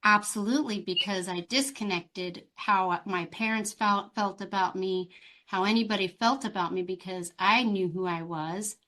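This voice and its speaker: Middle-aged woman coach, lively storyteller, chatty interview guest. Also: medium pitch, normal speed. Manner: expressive, animated storytelling. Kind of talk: conversational interview.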